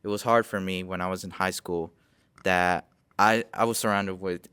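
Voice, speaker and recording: A man's voice: low-pitched, steady tone, normal speed, pushed and bright, clean tone, dry recording. A young man hosting a casual podcast interview, rambling and stopping to correct himself with apologetic asides. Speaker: podcast host.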